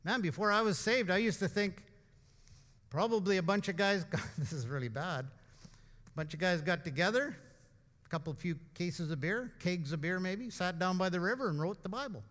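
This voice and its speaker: A male pastor with a very high, bright voice, preaching a sermon in a casual, emphatic way. He leans on asides and rhetorical questions to keep it conversational. The sound carries the long reverb of a church hall. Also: normal speed.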